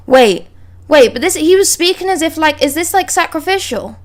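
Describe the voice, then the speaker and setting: Excitable young woman reacting live. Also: high-pitched, moderate pace. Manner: reads dialogue aloud, breaks off with excited exclamations and swearing. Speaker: manga reaction streamer.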